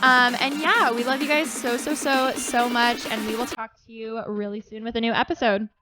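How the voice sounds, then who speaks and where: A woman's voice: a little high, fairly even intonation, normal speed, music in the background. A young woman in her twenties co-hosting a podcast, telling a story in bubbly casual chat full of fillers. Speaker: podcast co-host.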